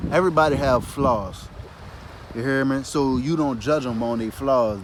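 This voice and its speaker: Over some background noise, a mid-range male voice rambles casually about spiritual matters. His monologue is peppered with profanity, and "you hear me" follows almost every phrase.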